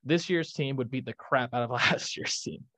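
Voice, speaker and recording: A man's voice: mid-range voice, moderate pace, pushed and bright, dry recording. A young man co-hosting a casual sports podcast, ranting with energy and often restarting his sentences. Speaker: podcast co-host.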